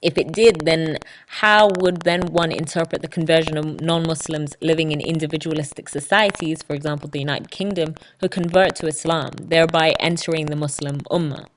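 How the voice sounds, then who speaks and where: A woman with a low voice hosts a solo podcast, explaining ideas step by step as if giving a talk. She drops dry, ironic asides along the way. Faint noise sits under her voice. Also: fairly even intonation, brisk, few pauses, poor audio. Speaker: podcast host.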